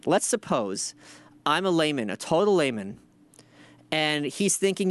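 Guy ranting on his podcast, sarcastic and swearing a lot, kinda high voice, dry sound. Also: a little slow, long pauses, no echo. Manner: sardonic, profane, animated rants. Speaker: podcast host. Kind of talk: casual commentary.

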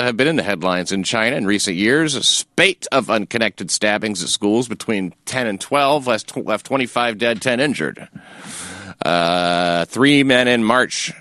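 A man's voice: fairly low pitch, a bit bright, no echo. A man hosting a podcast, running through news stories with crude, mocking jokes and plenty of filler words. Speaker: podcast host. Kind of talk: crude comedic news talk.

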